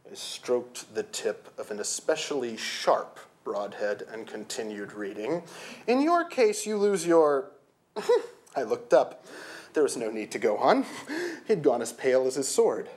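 A narrator reading a comic fantasy audiobook in the first person, with a wry, deadpan delivery. The pitch rises and falls in a lively, animated way, even through the dry asides. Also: unhurried.

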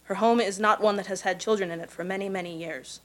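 A woman from Missouri reading her own personal essay aloud at a live event, in a measured storytelling voice. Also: medium pitch, fairly even intonation, a bit bright, low-quality recording. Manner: measured, careful storytelling delivery. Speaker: contest winner reading her own prose.

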